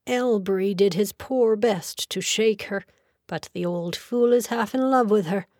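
A woman's voice: medium pitch, a little slow, darkish tone, no echo, studio quality, pitched above the performer's own voice, natural voice. A woman voicing a brusque young male lawyer who speaks rudely and sardonically, in an audiobook. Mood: blunt. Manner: blunt, sardonic.

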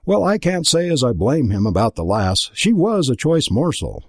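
A man voicing a coarse, spiteful stable master in a storybook reading, gruff and muttering. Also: medium pitch, sing-song, moderate pace, dry recording, clean studio sound, pitched above the performer's own voice.

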